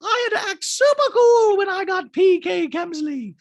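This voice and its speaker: A man voicing a shrill, giddy rich woman who squeals and breaks into sing-song nonsense sounds. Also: expressive, moderate pace. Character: shrill giddy rich woman gushing about her husband.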